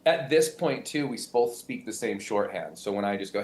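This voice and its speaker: A male comedian and impressionist explaining his craft in an animated, self-interrupting way, often restarting sentences. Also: fairly low pitch, normal speed. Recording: roomy echo.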